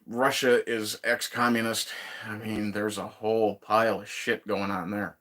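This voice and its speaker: Streamer, male, low voice, loose and sweary, chuckles often, reads chat aloud. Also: flat delivery, unhurried, a bit bright. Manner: laid-back and profane, with frequent chuckles. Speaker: livestream host reading viewer chat. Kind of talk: casual rambling chat. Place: woodshed.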